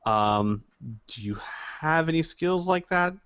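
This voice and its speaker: A man's voice: on the high side, lively intonation, slow pace, a bit bright, smooth. A man running a tabletop role-playing game as game master. He hesitates and restarts as he explains rules. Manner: hesitant, lots of ums and restarts while ruling. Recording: dull lo-fi mic.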